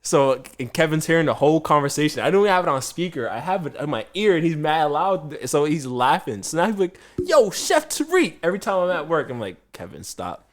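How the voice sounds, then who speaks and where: A man hosting a casual podcast, an animated storyteller who laughs often. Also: a little high, fast talker, hardly any pauses. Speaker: podcast host and chef.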